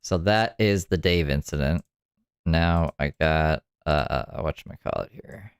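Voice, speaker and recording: A man's voice: a bass voice, unhurried, clear, resonant tone, no room sound, studio quality. A man casually commenting on video clips, laughing along as he tells the story. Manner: amused, laughs often, loose storytelling.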